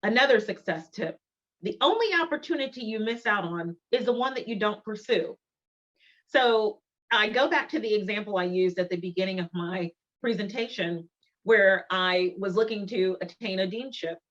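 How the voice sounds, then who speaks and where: A middle-aged woman giving a motivational conference talk, emphatic and deliberate, repeating her key phrases. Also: mid-range voice, a bit bright. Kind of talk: motivational presentation. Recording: dull lo-fi recording.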